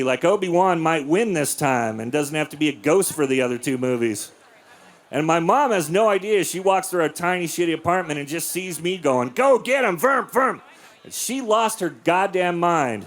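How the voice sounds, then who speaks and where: A man in his forties working a comedy club stage with a handheld mic, his voice a touch higher than most men's. He tells crude stories in a flat, deadpan way, then jumps into loud acted-out voices. The feel is of a stand-up set in front of a live room.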